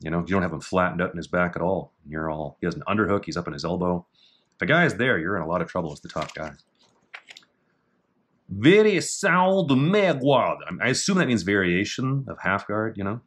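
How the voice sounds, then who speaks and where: A middle-aged man casually talking through techniques in a martial arts book, with dry offhand asides and slow, halting reading of foreign terms. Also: low-pitched, a bit bright. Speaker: jiu-jitsu instructor reviewing a technique book. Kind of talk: casual commentary.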